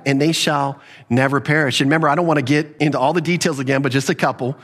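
Emphatic male preacher, slightly high voice. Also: fairly bright tone. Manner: emphatic, retells dialogue, explains Greek words. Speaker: pastor. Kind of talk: expository sermon.

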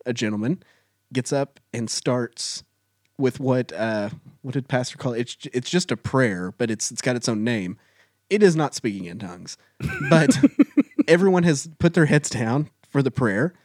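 Lively man telling a funny story. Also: medium pitch, no room sound, studio quality. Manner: animated, self-mocking storytelling. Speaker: guest storyteller. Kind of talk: casual chat.

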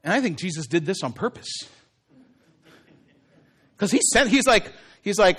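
A man's voice: high voice, lively intonation, normal speed, pauses often, fairly bright tone, slightly rough. A male pastor preaching a sermon, telling the story with humor and acted-out voices.

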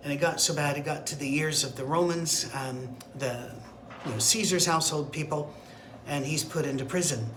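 A man's voice: a little high, moderate pace, background noise. A man leading a midweek Bible study, teaching in a conversational, digressive way with fillers and restarts. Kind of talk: informal teaching sermon. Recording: roomy echo, faint ambience.

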